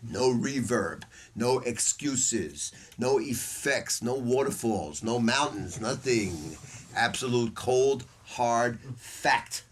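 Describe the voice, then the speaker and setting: A man's voice: mid-range voice, takes it slowly, slightly rough. An older man giving a saxophone masterclass to a live audience, telling stories in a casual, profane way, acting out voices and laughing often. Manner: animated, acts out quoted voices, laughs often. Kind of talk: casual, profane storytelling lecture. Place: music store hall with a small audience. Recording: faint background noise and clicks.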